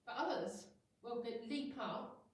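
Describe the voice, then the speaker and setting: A woman's voice: on the high side, lively intonation, measured pace. A middle-aged woman, a hypnotherapist, giving a chatty talk to a room of people and acting out little everyday scenes. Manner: chatty, acts out little scenes in quoted voices. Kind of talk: informal talk to an audience. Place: meeting room with an audience. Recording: very echoey room, voice far from mic.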